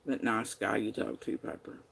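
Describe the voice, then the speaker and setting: A man's voice: on the low side, flat delivery, normal speed, creaky, fairly bright tone, slight background noise, low-quality recording. A man in a profane, bitter personal rant, reading out and picking apart old text messages.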